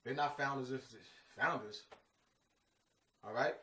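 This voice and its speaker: A man's voice: medium pitch, measured pace, pushed and bright. A man giving an informal lecture, emphatic and repetitive, full of slang asides like "man" and "you know what I mean". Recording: echoey room, mic at a distance.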